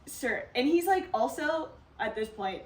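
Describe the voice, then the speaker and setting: A young woman chatting on a podcast, with a fairly high voice that leaps around as she acts out the people in her story. She sits a little back from the mic in an echoey room, with faint background noise. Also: a little slow, distant mic. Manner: animated storyteller acting out quotes, frequent laughter. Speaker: podcast co-host. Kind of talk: casual chat, storytelling.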